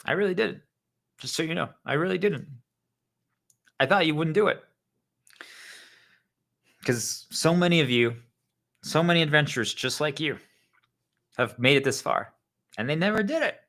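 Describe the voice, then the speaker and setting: A man's voice: a little high, sing-song, unhurried, gravelly, pauses often, pushed and bright. A man speaking straight to the listener in a role-play monologue, rambling and joking as if a little tipsy.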